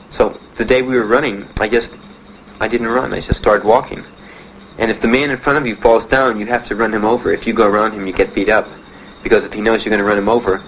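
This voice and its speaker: A young man, a veteran, telling his own story in plain, halting speech with many pauses. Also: lowish voice, a little hiss or hum, low-quality recording. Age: young adult. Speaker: Vietnam veteran giving testimony. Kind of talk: personal testimony.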